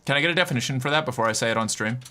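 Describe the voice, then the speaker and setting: A man's voice: medium pitch, racing, bright, forceful tone. A man chatting casually on a live stream, loose and joking, swearing and laughing as he plays.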